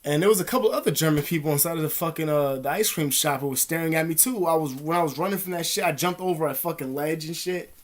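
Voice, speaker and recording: A man vlogging in a rambling, profane, animated storytelling monologue. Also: fairly high pitch, fast talker, hardly any pauses. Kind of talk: casual monologue.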